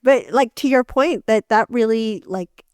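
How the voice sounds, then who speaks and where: A woman's voice: a little high, unhurried, a little mellow, clean tone, dry recording. A middle-aged woman co-hosting a casual podcast chat, talking emphatically with frequent restarts. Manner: emphatic, many restarts and fillers. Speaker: podcast co-host.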